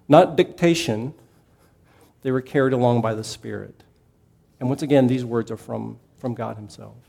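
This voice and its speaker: Casting: male Bible teacher, warm mellow tone, conversational, asks the room questions. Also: mid-range voice, fairly even intonation, moderate pace, vocal fry. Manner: conversational, asks the class questions, repeats key points. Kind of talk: casual classroom teaching.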